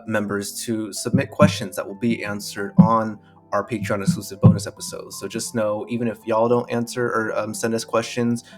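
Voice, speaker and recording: Low-voiced man co-hosting a podcast. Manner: relaxed, addresses listeners directly, trips over words. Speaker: podcast co-host. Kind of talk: casual chat.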